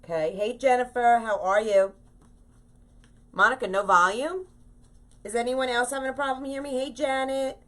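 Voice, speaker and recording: A woman's voice: fairly high pitch, steady tone, normal speed, long pauses, fairly bright tone. A middle-aged woman hosting a chatty craft livestream, greeting viewers by name in a bubbly, upbeat way. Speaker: wreath-making livestream host. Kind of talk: casual livestream chat with viewers.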